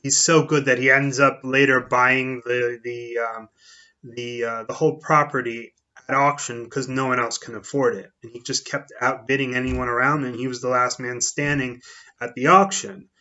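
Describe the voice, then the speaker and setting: A man's voice: mid-range voice, level tone, moderate pace, pushed and bright. A man giving a casual spoken book review, rambling and thinking aloud in a conversational way. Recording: dull lo-fi recording.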